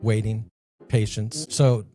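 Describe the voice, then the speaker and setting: A man co-hosting a podcast, telling jokes in a casual, animated way and laughing at his own punchlines. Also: fairly low pitch, slow pace, faint music behind. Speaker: podcast co-host.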